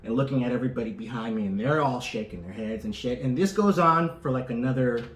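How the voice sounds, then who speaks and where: A man's voice: medium pitch, fast talker. A man co-hosting a podcast, telling a long story casually and with lots of swearing, acting out the people in it. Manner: profane, animated, acts out the people in his story. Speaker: podcast co-host. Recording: roomy echo.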